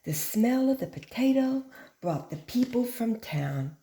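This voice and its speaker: A woman teacher reading a picture book aloud to children with expressive, dramatic pauses, then patiently explaining the lesson. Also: fairly high pitch, echoey room. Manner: gentle, patient classroom explaining.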